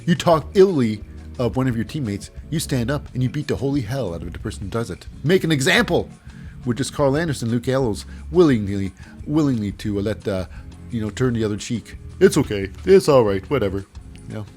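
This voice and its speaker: A man's voice: medium pitch, lively intonation, fairly quick, darkish tone, faint music behind. A man hosting a casual wrestling recap, rambling with sarcastic asides. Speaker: host.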